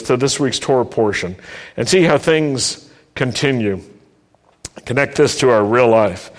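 A man preaches at an unhurried pace, leaning hard on each point and pausing for listeners to repeat after him. His voice sits at an ordinary middle pitch. It rings with the long reverb of a large hall. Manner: emphatic preaching, asks the congregation to repeat lines. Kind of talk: sermon.

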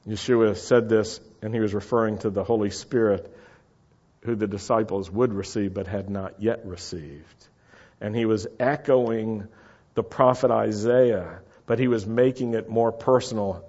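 A man preaching a sermon, moving between quiet reflective lines and sudden loud exclamations. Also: fairly low pitch, normal speed, highs cut off. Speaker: pastor.

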